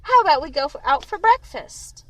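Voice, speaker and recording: A woman's voice: sits high, sing-song, moderate pace, sharp tone, distant mic, dull audio, pitched above the performer's own voice, heavily acted. A woman voicing a cheerful, bubbly young woman friend who laughs easily.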